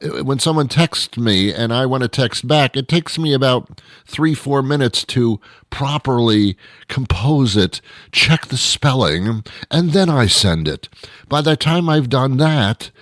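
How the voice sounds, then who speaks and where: A man's voice: medium pitch, a bit bright, dry recording, clean studio sound. A man hosting a show, delivering an exasperated comedic rant monologue full of stumbling restarts. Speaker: show host.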